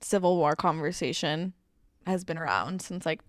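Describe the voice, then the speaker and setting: A young woman co-hosting a podcast, talking through current events in a relaxed, conversational way with some filler words. Her voice sits on the low side. The sound is dry and close. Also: normal speed, dry recording. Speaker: podcast co-host. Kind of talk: casual news chat.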